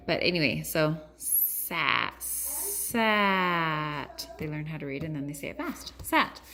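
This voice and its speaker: Thirties mom rambling at home, lotsa "like"s, kinda low voice, faint hiss behind. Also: female voice, fairly bright tone. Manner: chatty and rambling, full of "like" and restarts; sing-song praise when talking to her small kids. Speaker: mother teaching her kids to read. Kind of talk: casual home vlog chat.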